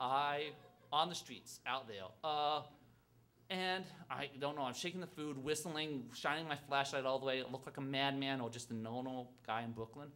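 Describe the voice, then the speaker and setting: A man telling a personal story on stage at a live storytelling event, halting and self-deprecating, with lots of fillers and restarts. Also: mid-range voice, a bit bright, slight background noise.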